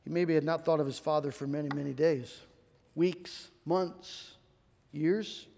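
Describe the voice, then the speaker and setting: A male pastor preaching a sermon, swinging between loud emphatic stretches and soft confiding asides, often repeating words as he restarts. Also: on the high side, steady tone, a little slow, creaky. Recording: long hall reverb.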